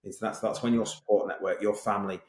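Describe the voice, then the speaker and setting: A middle-aged man telling his story as a podcast guest, fast and lively, acting out other people's lines as he goes. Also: on the low side, roomy sound. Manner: fast, animated, tells stories with quoted voices. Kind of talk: casual interview storytelling.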